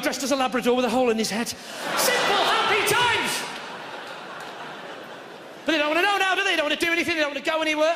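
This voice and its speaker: A middle-aged man doing a brash, sweary live stand-up routine, shouting his punchlines. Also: very high voice. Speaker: stand-up comedian. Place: large theatre with audience. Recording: reverberant live hall with audience noise.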